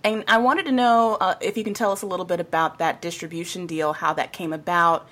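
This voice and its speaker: A woman hosts an interview over a video call and asks her guest friendly, encouraging questions. Her voice sits fairly low for a woman. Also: steady tone, fairly quick, a bit bright. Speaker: interview host.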